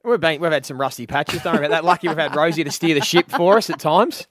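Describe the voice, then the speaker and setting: A man's voice: fairly high pitch, quick pace, fairly bright tone. An Australian man co-hosting a sports radio show, giving easygoing, matter-of-fact opinions in casual banter. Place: dry radio studio.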